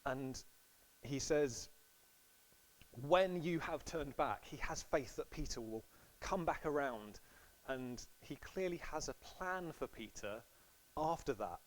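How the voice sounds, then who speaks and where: A man's voice: medium pitch, expressive, measured pace, poor audio. A man preaching a sermon in a casual, storytelling way, acting out quotes playfully.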